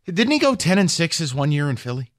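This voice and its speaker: Sarcastic, animated sports radio host man. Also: fairly high pitch, fast talker, no room sound, clean studio sound. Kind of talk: heated sports talk radio. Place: radio studio.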